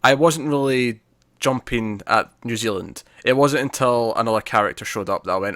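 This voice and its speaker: Male co-host, casual film talk, giggly and self-correcting, medium pitch, dry booth sound. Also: normal speed, fairly bright tone, no echo. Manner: chatty, laughs often, self-correcting. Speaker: podcast co-host. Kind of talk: casual movie discussion.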